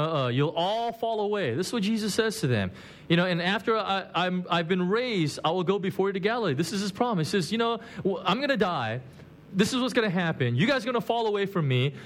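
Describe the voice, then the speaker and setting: A man preaching a sermon in a conversational way, acting out the quoted lines with big swings in his voice. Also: high-pitched. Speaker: pastor.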